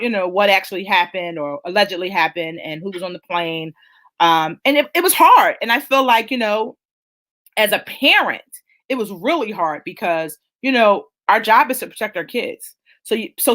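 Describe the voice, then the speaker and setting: A woman in middle age hosts a casual live-stream chat. Her voice sits in a middle register, and she talks in an emphatic, conversational way, pausing to read out comments from viewers. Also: mid-range voice, a bit bright. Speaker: host of a live chat show.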